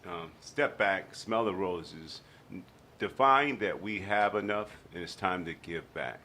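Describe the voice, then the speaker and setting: Deep bright-voiced man telling stories. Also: measured pace, slight background noise. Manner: animated storyteller, acts out quotes. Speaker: guest. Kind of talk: radio interview storytelling.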